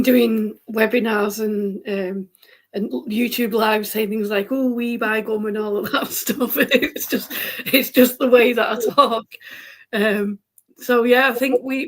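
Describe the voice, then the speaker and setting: Northern english woman hosting a video chat, laughs a lot, voice a bit high. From England. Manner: friendly, laughs often. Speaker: host. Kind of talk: casual conversation.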